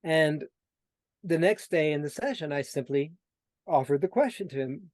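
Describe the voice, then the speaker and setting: A man's voice: on the high side, normal speed, no room sound. A man telling personal stories as a guest on an interview show. He brings the story to life by acting out the dialogue, and he sometimes repeats and restarts his words. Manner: animated storyteller who acts out quoted dialogue; repeats himself and restarts when searching for words. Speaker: guest, personal transformation coach. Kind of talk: storytelling in conversation.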